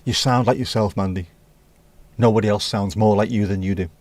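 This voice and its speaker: A man's voice: on the low side, steady tone, fairly quick, a little mellow, dry recording. A man with a Scouse accent hosting a casual livestream, chatting with viewers and bantering as he reads the chat. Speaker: livestream host.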